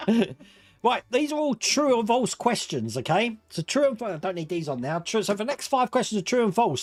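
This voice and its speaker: A man from Australia with an accent mixing Australian and British, hosting a livestream quiz, playful and giggly as he reads out answer options slowly. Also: high voice, no room sound. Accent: Australian mixed with British. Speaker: quiz host.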